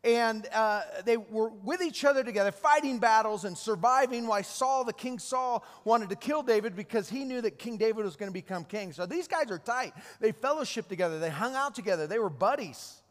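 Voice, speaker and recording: A man's voice: sits high, lively intonation, a little fast, few pauses. A man preaching a sermon, retelling Bible stories with restarts and repeated words. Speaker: pastor. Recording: long hall reverb.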